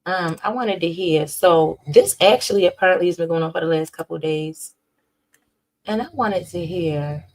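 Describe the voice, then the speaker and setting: Woman host, low-pitched, sassy and animated gossip commentary. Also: moderate pace. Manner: sassy and animated, reacting loudly.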